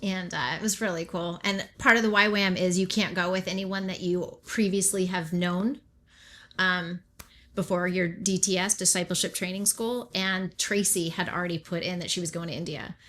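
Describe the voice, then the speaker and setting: A woman's voice: fairly low pitch, moderate pace. A middle-aged woman from Oregon, a pastor telling her personal faith story as an interview guest, acting out the remarks she quotes. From Oregon, USA. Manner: animated storyteller who acts out her own and others' remarks.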